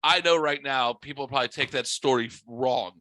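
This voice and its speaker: A man co-hosting a podcast, telling a story in a casual, animated way, laughing and jumping up loud when he quotes people. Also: medium pitch, fairly quick, no echo, studio quality. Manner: animated, laughing, jumps to shouts when quoting. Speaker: podcast co-host.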